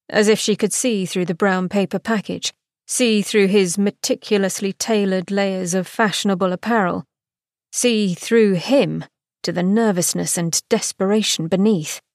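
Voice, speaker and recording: A woman reads a romance novel aloud in an expressive, measured narration. Her voice sits at a middle pitch, and the recording is close and dry with no room sound. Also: gravelly, no room sound. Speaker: podcast host reading a novel excerpt. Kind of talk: scripted narration.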